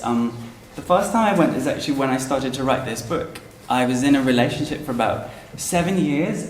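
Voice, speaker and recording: A man's voice: medium pitch, a little mellow, a little hiss or hum. A man in his thirties, an author, talks chattily and theatrically and laughs often during a book launch interview on stage. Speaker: author guest. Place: event venue before an audience. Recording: roomy hall.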